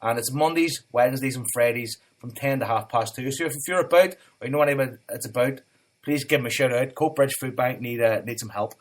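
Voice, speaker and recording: A Scottish man hosting a casual radio show, easygoing and animated when he tells a story. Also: medium pitch, quick pace. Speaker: co-host.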